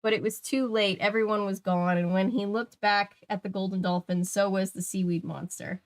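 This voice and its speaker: A woman's voice: mid-range voice, fairly even intonation, normal speed. A young woman reading a kids' mystery book aloud, breaking off for chatty, jokey asides. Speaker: channel host. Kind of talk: casual reading aloud with commentary.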